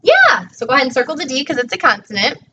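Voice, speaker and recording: A woman's voice: sits high, wildly swooping pitch, quick pace, pushed and bright. A woman teacher tutoring a child one-on-one in a patient, encouraging way, praising each answer. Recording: distant dull mic with faint noise.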